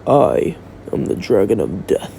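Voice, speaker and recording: A man voicing a smug, calm young male dragon heir who boasts matter-of-factly, recorded on a phone. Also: on the low side, unhurried, vocal fry, a little hiss or hum, pitched below the performer's own voice, heavily acted.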